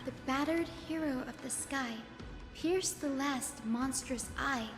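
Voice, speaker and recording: An actress voicing a curious young female companion in a game, speaking in an inquisitive, lively way. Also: high voice, takes it slowly, long reverb tail, over music. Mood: wondering.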